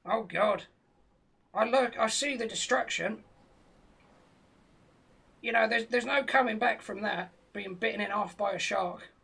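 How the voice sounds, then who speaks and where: A man's voice: high-pitched, unhurried, creaky, long pauses, pushed and bright, husky. A British man telling a rambling, profane comic tall tale with a straight face on a live stream. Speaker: comedian telling a story.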